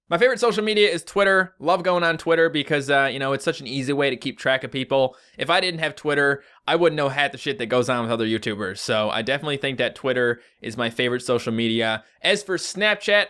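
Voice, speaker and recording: Bright, clear-voiced Canadian guy. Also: mid-range voice. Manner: chatty, joking, rambling asides. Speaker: YouTuber. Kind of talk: casual vlog reading tweets.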